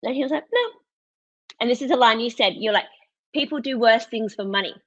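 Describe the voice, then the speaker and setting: A podcast guest, an Australian woman in her thirties, shares a personal story in a candid, casual way, laughing a lot and acting out what other people said. Her voice is on the high side, fast and a bit bright. The recording is close and dry with no echo, though it sounds slightly dull and muffled.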